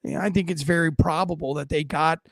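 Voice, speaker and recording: A man's voice: on the high side, steady tone, fast, creaky, fairly bright tone, no echo, studio quality. A man hosting an online news commentary show, talking in a brash, conversational way with crude slang and asides. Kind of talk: casual political commentary.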